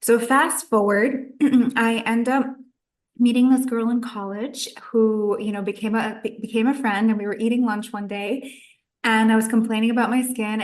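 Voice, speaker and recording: A woman in her thirties, a nutritionist guest on a podcast, telling her own story in a chatty way and acting out her past thoughts. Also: a little high.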